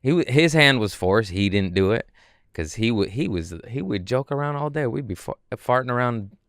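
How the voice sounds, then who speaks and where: A young man guesting on a podcast, telling rambling, excitable stories with crude humor in casual chat. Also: medium pitch, normal speed, no echo, studio quality.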